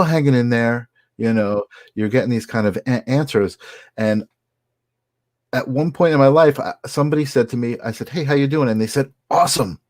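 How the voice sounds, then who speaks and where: Casting: man, mid-pitched, earnest upbeat storyteller, conversational podcast host, dry close sound. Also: a little mellow, no echo. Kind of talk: casual conversation.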